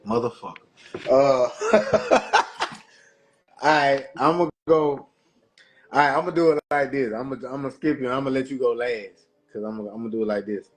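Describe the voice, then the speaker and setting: A man's voice: mid-range voice, moderate pace, pauses often. A man co-hosting a podcast, talking in a laid-back, slangy way and often repeating himself. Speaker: podcast co-host. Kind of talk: casual chat.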